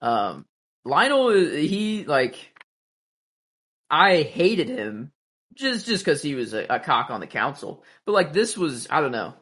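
A man chatting casually about a TV show, halting and searching for words with many "like"s. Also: fairly high pitch, big pitch swings, fairly bright tone, breathy edge. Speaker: podcast co-host. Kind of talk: casual TV recap chat.

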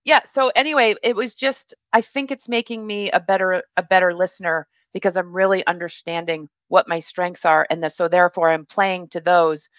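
A woman hosting a show, chatting in a relaxed and agreeable way with her guest. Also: fairly low pitch, moderate pace, few pauses, no room sound, lo-fi sound. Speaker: show host. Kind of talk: casual interview chat.

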